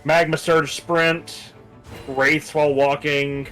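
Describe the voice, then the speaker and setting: Brief: male gamer, higher-pitched voice, dry teasing banter, game music clearly audible. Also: flat delivery, slow pace, fairly bright tone. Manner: wry, teasing, reads out item names. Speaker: co-op game partner on a stream. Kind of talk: casual gaming banter.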